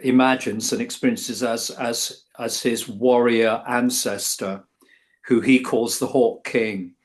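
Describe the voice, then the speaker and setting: A man being interviewed as an author, speaking slowly and haltingly. He pauses often and restarts his sentences. His voice sits at an ordinary middle pitch. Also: fairly even intonation. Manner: hesitant, many ums and restarts. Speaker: guest author. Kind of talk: casual interview chat.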